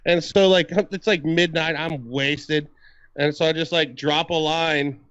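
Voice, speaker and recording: A man's voice: on the high side, fairly even intonation, measured pace, fairly bright tone, smooth, no room sound. A man co-hosting a podcast, telling a rambling, profane story in a casual way. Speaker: podcast co-host. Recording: dull lo-fi dry sound.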